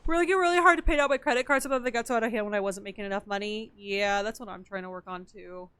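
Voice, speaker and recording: A young woman streams a game in a mid-range, fairly bright, smooth voice, talking at a racing pace with no room sound. She chats casually with her viewers and mutters counts and item names as she plays.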